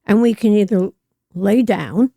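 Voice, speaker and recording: A woman's voice: mid-range voice, measured pace, gravelly, dark tone, no room sound, clean studio sound. A woman in her eighties with a New Jersey accent, speaking earnestly and reflectively as a podcast guest. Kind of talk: casual interview conversation.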